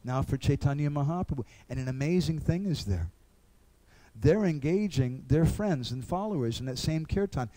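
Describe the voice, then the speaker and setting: A man's voice: fairly high pitch, animated, normal speed, warm tone. A man giving an earnest devotional lecture, acting out little dialogues.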